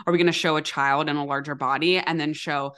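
A young adult woman on a casual podcast, speaking with a somewhat low voice. She is openly emotional and swears freely. Her sentences come out in quick bursts with restarts. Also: steady tone, fairly bright tone. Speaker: podcast co-host, dietitian.

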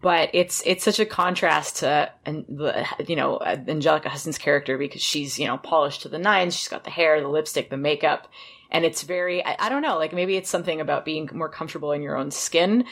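A woman co-hosting a casual podcast, talking in a relaxed way with many fillers. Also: low-pitched, brisk. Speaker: podcast co-host. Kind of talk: casual chat.

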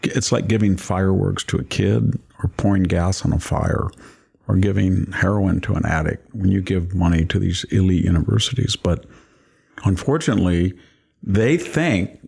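A man's voice: sits low, moderate pace, vocal fry, breathy edge. An older man hosting a podcast, discussing politics casually in an emphatic, repetitive way. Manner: emphatic, forceful, repeats phrases for effect. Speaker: podcast host.

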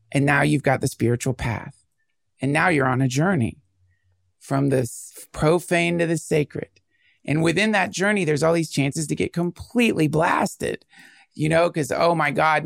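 Male podcast host, gravelly, slightly high register, rambling and animated. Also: dry recording, clean studio sound. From United States. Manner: rambling, animated, self-interrupting. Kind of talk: casual conversation.

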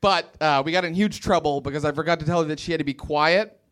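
A young comedian from West Virginia performs stand-up on a club stage, mocking himself animatedly and dropping into exaggerated voices. His voice is fairly high and smooth, and his pace quick.

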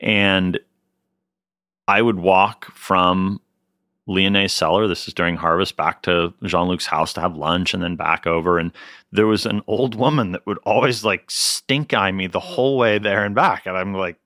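A man, a winemaker telling personal anecdotes in an interview, earnest and animated, often restarting his sentences. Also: sits low, measured pace, dry recording, clean studio sound. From United States. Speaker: winemaker guest. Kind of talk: conversational storytelling.

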